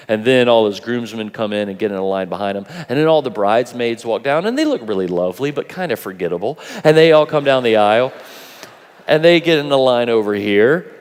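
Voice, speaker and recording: A man preaching a sermon at a youth conference, animated and playful, acting out voices as he goes. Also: mid-range voice, normal speed, clear, resonant tone. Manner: animated, acts out quoted voices, laughs often. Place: large conference hall. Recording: long hall reverb.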